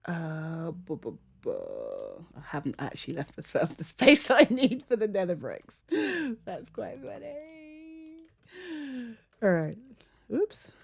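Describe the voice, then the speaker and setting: A woman chats her way through a game session on a desk mic, her low voice edged with gravel. She rambles, laughs often and drops into muttered asides, with a lively, swooping delivery. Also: measured pace. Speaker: gaming channel host. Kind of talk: casual gameplay commentary.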